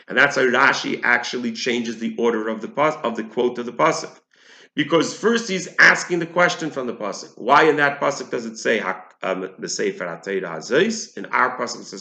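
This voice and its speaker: A man's voice: medium pitch, bright, forceful tone, reverberant. A man giving a lesson on a religious text, explaining it step by step, often restarting and restating his points. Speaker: Torah teacher.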